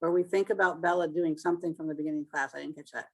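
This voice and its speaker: A woman teacher in casual classroom talk, chatty, calling on students and making quick asides. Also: low voice, steady tone, a little mellow.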